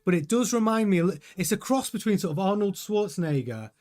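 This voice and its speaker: A man hosting a live race watchalong, chatting excitably over the timings with frequent stumbling restarts. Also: high-pitched, quick pace. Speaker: host.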